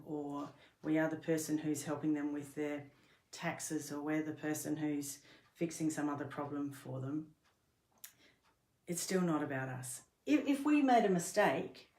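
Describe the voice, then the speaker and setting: A middle-aged woman with a deep, slightly mellow voice works as a workplace trainer and gives an earnest instructional talk. She explains things step by step, sometimes restarting her sentences, in a room with a roomy echo.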